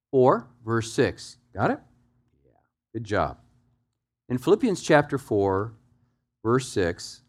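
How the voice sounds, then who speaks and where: A man preaching to his congregation in a mid-pitched voice. His delivery is emphatic, dropping into soft, low asides and then climbing into loud, raised exhortation. He leads his listeners through passages step by step. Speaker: pastor. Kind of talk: sermon.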